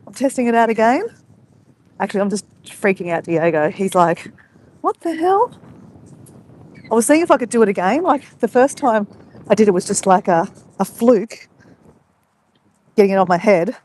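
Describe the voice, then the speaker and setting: An Australian woman chats freely on a live stream, her phone held out as she strolls along an outdoor beach at dusk. She talks with easy, rambling warmth, greeting viewers by name between stories. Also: medium pitch, normal speed, a little hiss or hum. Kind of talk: casual live-stream chat while walking. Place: outdoors on a beach walk at sunset. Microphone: phone held while walking.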